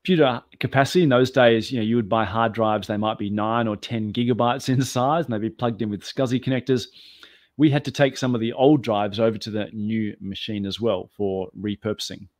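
A man who is the guest on a talk show, telling an animated, self-deprecating story. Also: lowish voice, a little fast, no room sound. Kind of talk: anecdotal storytelling.

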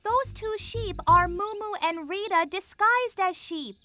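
A woman's voice: very high voice, measured pace, sharp tone, faint music behind, exaggerated voice. A woman voicing a kind but blunt young cartoon girl.

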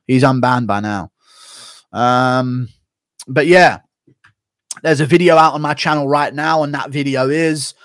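A man's voice: mid-range voice, a bit bright, no echo, clean studio sound. A young man on a live stream, casually reading out donations and giving blunt fight opinions. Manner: blunt, rambling, reads donations.

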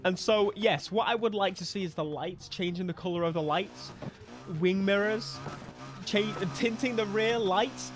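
A young man giving casual, excitable gameplay commentary and laughing often. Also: sits high, background noise. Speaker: gaming video creator.

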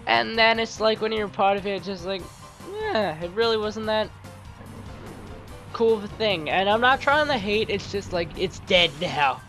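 A man's voice: high voice, fairly bright tone. Commentator, male, sore throat: rambling, self-mocking gameplay chatter over faint game music. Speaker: let's play commentator.

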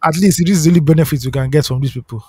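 A Nigerian man co-hosting a podcast in relaxed, chatty talk, slipping into pidgin now and then. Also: a little high, rapid-fire, slightly rough, dry recording. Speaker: podcast co-host. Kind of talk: casual chat.

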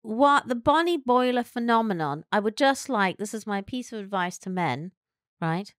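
A woman's voice: mid-range voice, animated, moderate pace, no room sound, studio quality. A woman co-hosting a podcast in casual chat, a chatty, giggly storyteller who hands out frank advice. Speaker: podcast co-host.

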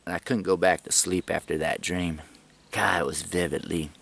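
Rambling, chuckling low-voiced man. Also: fairly even intonation, normal speed, creaky, fairly bright tone, husky. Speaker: travel vlogger. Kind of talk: casual travel vlog monologue.

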